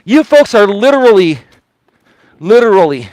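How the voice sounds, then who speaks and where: Man, high voice, dry close sound, indignant, lecturing, repetitive, live walking stream. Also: moderate pace, a bit bright, no room sound. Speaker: life coach streamer. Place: outdoors walking.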